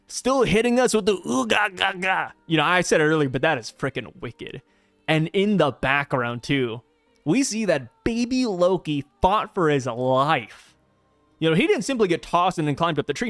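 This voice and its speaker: Man, host, casual review chat, very animated pitch, faint music underneath. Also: no echo. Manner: excitable, slangy, quick asides. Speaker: manga review channel host. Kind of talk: casual video commentary.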